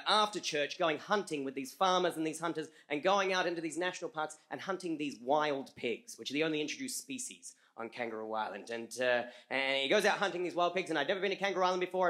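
An Australian man tells a comic story on a live stage, in a high, bright voice. He halts often, repeating words and adding fillers. His tone stays lively and sharp. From rural Australia. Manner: halting, with frequent repeats and fillers.

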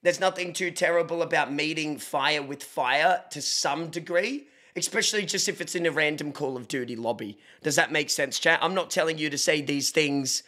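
A young man chatting casually on a live stream, joking and breaking into mock shouts, recorded on a desk microphone at home. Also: fairly high pitch, normal speed, few pauses. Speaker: livestreamer.

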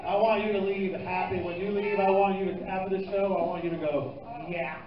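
A man's voice: high-pitched, steady tone, brisk. A man doing a stand-up comedy set, loose and profane, teasing the crowd in a live club. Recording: echoey, distant, muffled club recording with noise.

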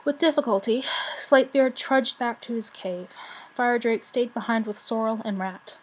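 A woman narrating a novel aloud for her channel, in steady storytelling. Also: on the high side, moderate pace, slightly rough. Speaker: channel host reading aloud.

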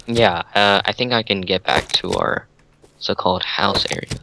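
A young man with a lowish, gravelly voice that moves freely in pitch. He chats in a relaxed way with a friend during a game and drops short crude jokes. Clear background noise runs under his voice. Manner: laid-back, quick crude quips. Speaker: co-player. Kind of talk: casual gameplay chat.

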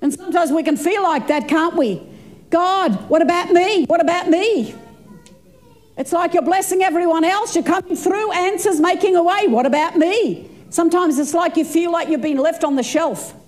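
Woman pastor, sixties, high voice, fervent preaching, drawn-out repeated lines. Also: a little mellow. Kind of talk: sermon.

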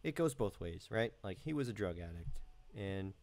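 A man hosting a casual live stream, talking in a relaxed, rambling way with lots of fillers, from home. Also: fairly low pitch, moderate pace.

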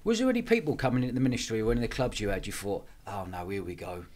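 A podcast host with a low voice that swings widely in pitch. He asks probing, leading questions in a relaxed interview. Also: very fast.

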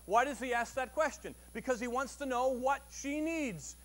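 A man preaching a Sunday sermon in a conversational way, asking the congregation questions and bursting loudly into quoted voices. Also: very high voice, normal speed. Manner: conversational, asks the audience questions; acts out quoted voices with sudden loud bursts. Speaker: pastor. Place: church service.

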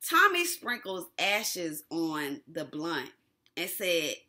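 A woman hosts a casual recap of a TV episode, talking in loose slang and breaking into laughter often. Her voice is bright and swings widely in pitch as she gets worked up. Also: very animated, slow. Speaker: TV recap host.

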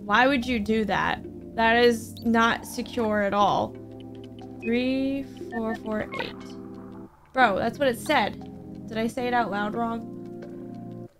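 A woman playing a video game and commenting excitedly, chatting and reading the on-screen text aloud. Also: on the high side, slow. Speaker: gamer playing on her channel. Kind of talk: let's play commentary. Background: game music.

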